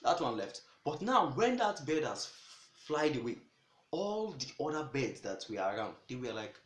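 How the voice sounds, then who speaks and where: A man casually telling a folktale, animated and exclamatory, with chatty asides. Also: mid-range voice, moderate pace, reverberant, background noise. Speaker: storyteller. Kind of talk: casual storytelling.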